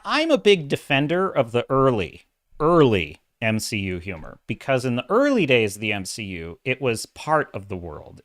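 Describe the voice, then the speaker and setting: Male livestream host, middle-aged, dramatic and lively delivery, dry close-miked sound. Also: mid-range voice, no echo. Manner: animated, self-described dramatic, reads chat comments. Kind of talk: casual livestream commentary.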